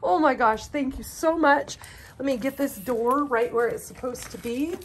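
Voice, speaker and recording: A woman's voice: high voice, normal speed. A woman filming on her farm, talking affectionately to her goats and cat in a doting, playful way. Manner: affectionate baby-talk to animals, frequent laughs. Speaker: farm vlogger. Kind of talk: casual talk to farm animals. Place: outdoors on a farm. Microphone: handheld camera.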